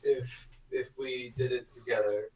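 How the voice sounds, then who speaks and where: A man's voice: mid-range voice, fairly even intonation, unhurried, a little mellow, roomy sound, distant mic, rough recording. Joking man a bit off-mic. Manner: playful, joking, reassuring. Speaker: tabletop game player. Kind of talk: casual chat among players.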